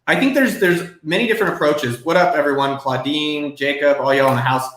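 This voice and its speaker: A man hosts a live question-and-answer stream from his home desk. He talks in a loose, excitable way and swears now and then. His voice sits fairly high, and the room adds a noticeable echo. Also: a little fast, a little hiss or hum. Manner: casual, excitable, profane. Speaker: host.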